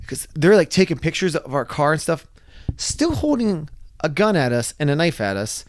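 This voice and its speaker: A man casually telling a wild story to camera, animated and often restarting his sentences. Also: fairly high pitch, normal speed, no echo. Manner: animated, acts out shouted quotes, frequent restarts. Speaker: vlogger.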